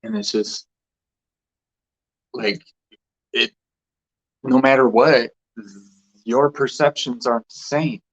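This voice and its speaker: A man's voice: mid-range voice, takes it slowly, pauses often, fairly bright tone, poor audio. A man hosting a casual spiritual talk, rambling loosely with restarts and short laughs. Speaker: spiritual vlogger host.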